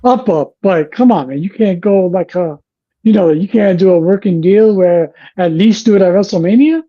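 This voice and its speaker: High-voiced man on a dull, lo-fi line. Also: moderate pace. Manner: blunt, profane, laughs easily. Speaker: podcast guest. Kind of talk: casual wrestling chat.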